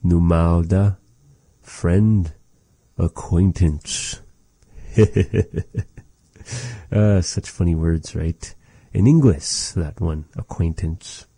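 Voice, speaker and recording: A man teaching vocabulary in a casual lesson, repeating each word slowly with chatty asides. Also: deep voice, warm tone, slightly rough, no echo. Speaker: language teacher.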